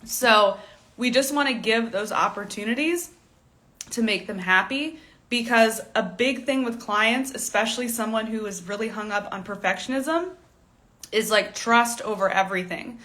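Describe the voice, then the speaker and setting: Bright, chatty woman stylist. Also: a little high, normal speed. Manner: chatty and candid, with frequent laughs and "like" fillers. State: fighting a tickle in the throat, coughing. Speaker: fashion stylist and coach. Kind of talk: casual livestream teaching.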